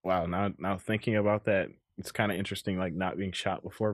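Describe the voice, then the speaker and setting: Young male host, low voice, dry teasing humor, close dry mic. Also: steady tone, a little fast, dry recording. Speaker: podcast host. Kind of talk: casual chat.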